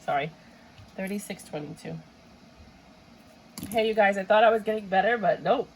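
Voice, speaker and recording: A woman's voice: medium pitch, moderate pace, background noise. A woman giving a casual, rambling tarot reading with a stuffy, runny nose, sometimes throwing in Spanish exclamations. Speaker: tarot reader.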